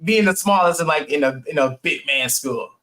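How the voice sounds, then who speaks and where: A young man, a podcast guest, telling animated casual stories full of "like" and "man" and acting out the voices of others. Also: on the high side, moderate pace. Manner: animated, acts out quoted voices, laughs often; heavy use of "like" and "man". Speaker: podcast guest, jiu-jitsu purple belt. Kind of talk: casual storytelling.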